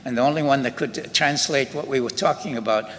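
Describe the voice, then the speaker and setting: An older man from Scotland with a Scottish accent, giving halting personal testimony at a memorial ceremony, often restarting his sentences. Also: mid-range voice, fairly bright tone. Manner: unhurried, halting, with frequent restarts. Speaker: Holocaust survivor speaker. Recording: long hall reverb with faint ambient noise.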